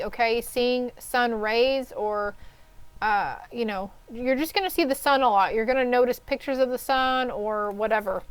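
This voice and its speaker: A woman's voice: fairly high pitch, smooth, no echo, poor audio. A woman giving a casual tarot reading, chatty and rambling, gushing and reassuring her listeners. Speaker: tarot card reader.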